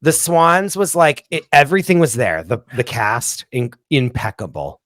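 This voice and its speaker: A man at a middle pitch talks as a podcast guest, with a dramatic, emphatic flair and a constant stream of "like." His voice is recorded close and dry. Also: very animated, normal speed, a bit bright, no room sound. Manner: emphatic and dramatic, heavy use of "like". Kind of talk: casual interview chat.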